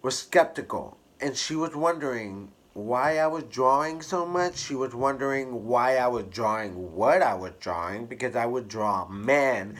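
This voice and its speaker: A man candidly telling a personal story to camera in an expressive, drawn-out way. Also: mid-range voice. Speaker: hairstylist vlogger.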